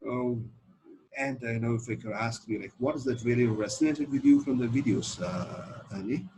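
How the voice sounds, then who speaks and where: A man's voice: medium pitch, moderate pace, mellow, slight background noise. A man from India, a sales trainee practicing a sales call, talking in a hesitant, rambling way full of fillers.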